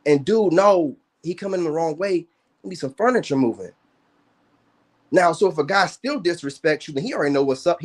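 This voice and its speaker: A man in a blunt, confrontational rant to his online viewers, profane and repetitive. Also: fairly high pitch. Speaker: social media commentator. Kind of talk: ranting monologue to viewers.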